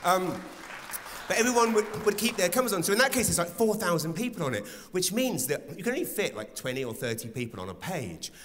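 A man doing a stand-up set, animated and profane, acting out bits of dialogue. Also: high-pitched, fast. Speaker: stand-up comedian. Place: large theatre stage with a live audience. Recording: theatre reverb with faint crowd noise.

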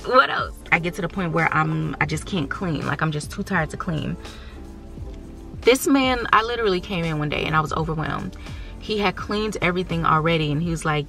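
Gravelly, candid woman vlogger in her thirties. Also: low-pitched, moderate pace, a bit bright, soft background music. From United States. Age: 30s. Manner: candid and emotional, talking straight to viewers. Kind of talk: casual vlog chat.

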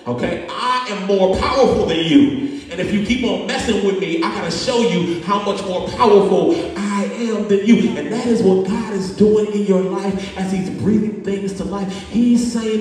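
High-voiced preacher in an echoey hall. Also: male voice, normal speed, recorded from a distance. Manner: animated, conversational preaching with humor. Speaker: pastor. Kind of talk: sermon. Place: church sanctuary. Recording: echoey church hall, voice from off-mic.

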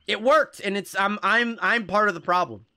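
A young man streaming a game live, reacting excitably with jokes and frequent swearing. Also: high voice, normal speed, smooth. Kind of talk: live gameplay commentary.

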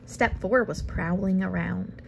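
A woman reading a picture book aloud for the first time, adding relaxed, casual asides. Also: lowish voice, measured pace, vocal fry, slight background noise. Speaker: storybook reader.

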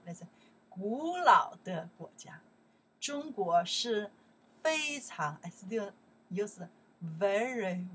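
Slow Chinese-accented woman teaching. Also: medium pitch, a bit bright, husky, far from the mic. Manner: slow, repeats words and asks herself questions. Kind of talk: bilingual language lesson.

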